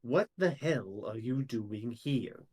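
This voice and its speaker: A proud hobgoblin wizard speaks with cold scorn, as a male game master puts him on. His voice sits at a middle pitch and moves slowly and deliberately. He commands rather than asks. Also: expressive, darkish tone, husky. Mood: scornful. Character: imperious male hobgoblin wizard in red robes.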